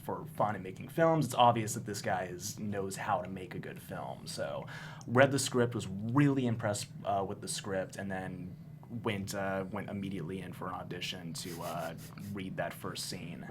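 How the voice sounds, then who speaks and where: A man's voice: low voice, moderate pace, noisy background. A man, an actor, telling a laid-back story about his audition in a studio interview. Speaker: actor, guest. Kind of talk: casual interview chat.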